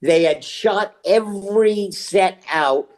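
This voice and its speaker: A man's voice: high voice, slow pace. An older man, a guest actor, telling casual stories and acting out the voices of the people he quotes. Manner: chatty storyteller, acts out quoted voices.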